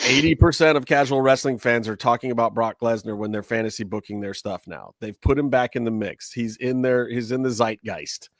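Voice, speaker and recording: Male podcast host, mid pitch, dry close sound, animated wrestling chat. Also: dry recording. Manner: animated, jumps into high excited exclamations.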